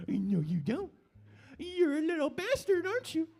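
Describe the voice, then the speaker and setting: A grown man cooing in squeaky sing-song baby talk, as a comedian puts it on. The voice leaps far above his usual range, sweet in tone and mocking in intent. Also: huge pitch swings, normal speed, creaky, a little mellow, exaggerated voice.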